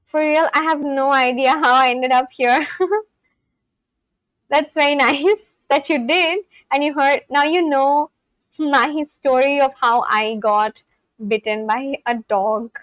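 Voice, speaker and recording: Chatty high-voiced woman streamer. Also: fairly even intonation, slow pace, a bit bright, no room sound. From India. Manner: chatty, reads and answers chat aloud, laughs often. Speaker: livestream host. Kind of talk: casual livestream chat.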